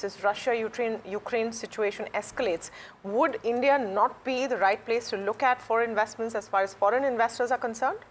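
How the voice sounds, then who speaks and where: A woman's voice: fairly high pitch, a little hiss or hum. A woman anchoring a live business news show, asking a guest a thoughtful, qualified question.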